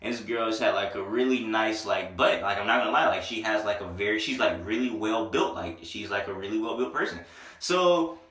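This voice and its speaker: A man's voice: lowish voice, fairly quick, fairly bright tone, far from the mic. A young man vlogging, telling laid-back, rambling, self-mocking stories in casual talk. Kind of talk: casual storytelling to camera. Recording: echoey room, voice off from mic.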